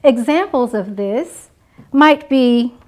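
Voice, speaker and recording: A woman delivers a graduation address at a very slow, deliberate pace, leaning on each phrase. Her voice sits a little high, and she drills repeated refrains with emphatic weight. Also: expressive, a little mellow. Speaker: nursing instructor.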